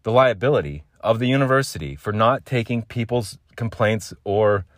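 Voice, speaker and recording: A man's voice: on the low side, normal speed, dry recording, clean studio sound. A man hosting a solo podcast, ranting emphatically and swearing freely. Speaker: podcast host.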